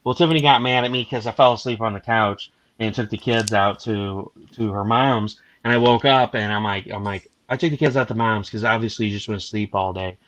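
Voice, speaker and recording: A man's voice: fairly low pitch, a little fast, hardly any pauses, poor audio. A man hosting a casual live stream chat, telling stories and acting out what people said. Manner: animated storyteller, acts out quotes. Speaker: livestream host.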